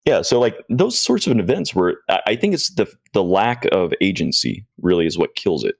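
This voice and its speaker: A man with a deep, gravelly voice co-hosts a casual discussion, acting out the lines of players and game masters. His pitch swings widely as he talks. The sound is dry, with nothing of the room. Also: big pitch swings, moderate pace, no room sound. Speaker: podcast co-host.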